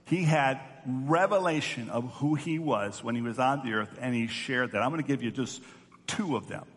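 A man's voice: medium pitch, normal speed. A male pastor giving an earnest teaching sermon, often repeating words as he restarts. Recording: long hall reverb.

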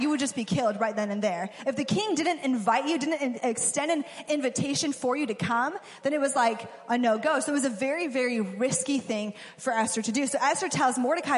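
A young woman giving a casual sermon, chatty and full of "like", acting out characters in quick asides. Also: sits high. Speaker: preacher. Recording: hall reverb.

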